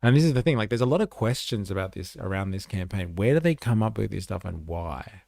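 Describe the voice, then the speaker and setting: A man's voice: on the low side, animated, fairly quick, creaky, a little mellow, no echo, clean studio sound. A man hosting a casual livestream, chatting back to comments and saying "like" a lot. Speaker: livestream host.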